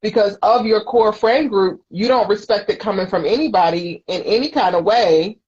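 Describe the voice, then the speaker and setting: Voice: mid-range voice, normal speed, a little mellow, slightly rough, dull audio. A co-host in a casual aftershow chat, talking bluntly and heatedly about what annoyed them.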